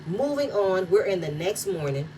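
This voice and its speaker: A woman's voice: mid-range voice, sing-song, moderate pace, warm tone. A woman, recapping a reality show in blunt, profane, heated commentary. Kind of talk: casual reaction commentary. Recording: distant mic with faint noise.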